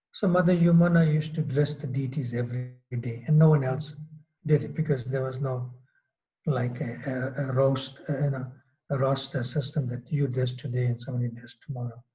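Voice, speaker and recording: A man's voice: medium pitch, mellow, low-quality recording. A man giving a sermon as a swami, telling a story loosely with many fillers and restarts. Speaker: swami giving a scripture class. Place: temple hall.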